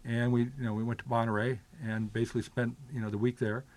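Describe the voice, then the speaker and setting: An older man reminisces at a brisk, quick clip, piling up filler words and restarting his sentences. His voice sits at an ordinary middle pitch, and the talk is loose and conversational. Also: flat delivery, a little mellow. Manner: rambling, many filler "like"s and restarts. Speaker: guest. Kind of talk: casual storytelling chat.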